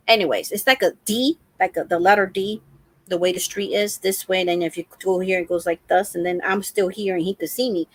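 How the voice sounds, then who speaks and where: A middle-aged woman hosting a crafting live stream, telling a story in an animated, exclamatory way. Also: a little high, no echo. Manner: animated, exclamatory, acts out the scene.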